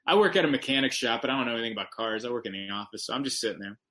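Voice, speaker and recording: A man, a stand-up comedian, telling rambling, animated anecdotes as a guest on a podcast. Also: medium pitch, very fast, low-quality recording. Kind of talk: casual podcast storytelling.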